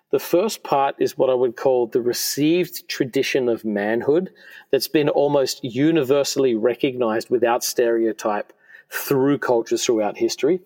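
A man's voice: medium pitch, darkish tone. Earnest middle-aged man telling heartfelt stories. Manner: earnest and heartfelt, with frequent restarts. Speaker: podcast guest. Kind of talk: conversational storytelling. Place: podcast studio.

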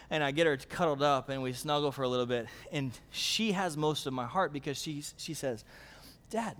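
High-voiced man preaching a sermon. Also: big-room sound. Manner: animated storyteller with repetitive, building phrasing. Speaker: pastor. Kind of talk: sermon with personal stories. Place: church service.

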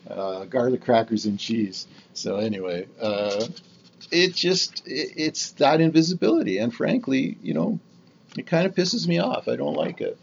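A man's voice: mid-range voice, expressive, moderate pace, creaky, husky, lo-fi sound. A man about to turn sixty from Canada, hosting his own podcast in a candid, rambling monologue full of fillers and restarts. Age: 50s. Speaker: podcast host. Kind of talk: casual solo podcast monologue.

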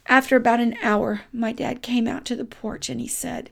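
A woman's voice: on the high side, fairly even intonation, normal speed, gravelly, few pauses. A woman telling a personal story from her childhood, emotional and often dropping to a whisper.

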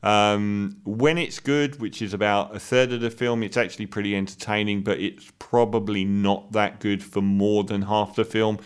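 A man giving a casual, opinionated spoken film review, candid and blunt, pausing on fillers and restarting sentences as he talks. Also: fairly low pitch, fairly even intonation, clean tone.

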